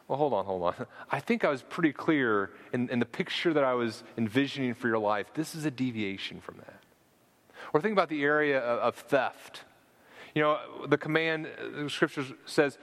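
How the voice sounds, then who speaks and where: A man's voice: on the low side, moderate pace, a bit bright, long reverb tail. A man preaching a sermon in an earnest, argumentative way, often restarting and repeating words as he builds his point.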